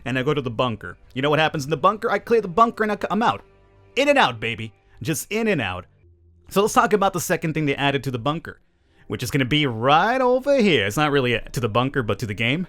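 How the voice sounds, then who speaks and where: Male let's-play host, higher voice, very animated pitch, playfully sarcastic commentary over faint game music. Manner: playful, sarcastic, talks to viewers with rhetorical questions. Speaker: gaming channel host.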